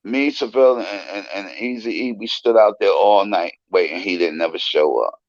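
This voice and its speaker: A man guest telling stories in a casual interview, animated and profane, acting out the voices he quotes. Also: lowish voice, normal speed, no room sound, muffled recording. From United States.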